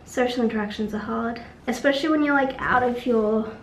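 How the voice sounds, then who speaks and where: Young woman vlogger, rambling and blunt, slightly high voice, echoey room. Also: a little fast, a little hiss or hum. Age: young adult. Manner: rambling, frank, swears, trails off. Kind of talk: casual vlog monologue. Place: room at a conference venue.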